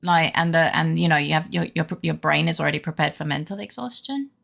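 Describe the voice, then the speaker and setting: A young woman greets her chat while streaming and rambles affectionately about her dog, cooing at it in baby talk. Her deep, gravelly voice is a bit bright and brisk, and faint music plays behind her.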